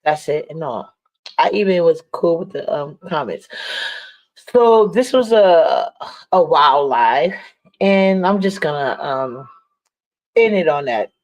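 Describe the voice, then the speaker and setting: A woman's voice: low voice, animated, slow, long pauses. A woman hosting a live stream, chatting loosely and rambling as she wraps up. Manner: rambling, loose and wrapping up, with fillers. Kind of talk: casual chat.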